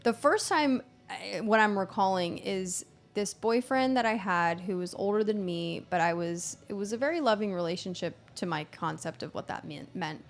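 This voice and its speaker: A woman chatting as a podcast guest in an animated, casual way, laughing often, swearing freely and trailing off mid-thought. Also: mid-range voice, moderate pace, hardly any pauses.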